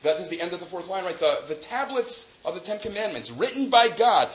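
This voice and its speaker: A man's voice: sits high, sing-song, fairly quick, hardly any pauses, very noisy. A man giving an academic lecture to a class. He thinks aloud, often restarts his sentences and checks in with tag questions. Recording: echoey room with faint ambience.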